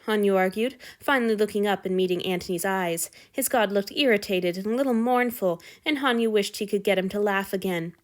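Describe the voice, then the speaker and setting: A woman narrating a fan fiction story aloud in a steady, even reading voice. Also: mid-range voice, a little fast, hardly any pauses.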